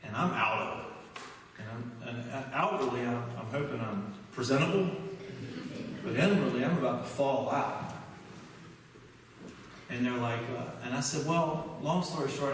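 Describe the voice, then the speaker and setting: A man giving a guest sermon in a church, telling a personal story and acting out the dialogue with animated energy. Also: mid-range voice, slight background noise. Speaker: guest speaker. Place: church sanctuary. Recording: echoey church hall from far off.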